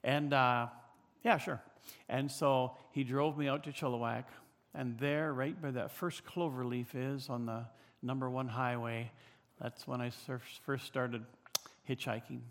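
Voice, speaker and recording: An older man from British Columbia, Canada, telling a personal story in a halting way with many fillers and restarts. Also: mid-range voice, steady tone, long reverb tail.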